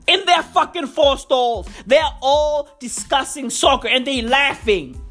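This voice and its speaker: A woman rants in an animated, slang-heavy comic style, swearing freely. Her voice sits a little high and she takes her time with each line. Faint music plays underneath. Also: a little slow. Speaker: comedian. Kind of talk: profane comic rant.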